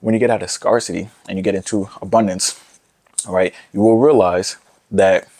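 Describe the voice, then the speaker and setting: A man's voice: low voice, fairly even intonation, brisk, dark tone, no echo, clean studio sound. A young man talking casually to camera, giving blunt dating advice in a brash, profane way, often repeating himself.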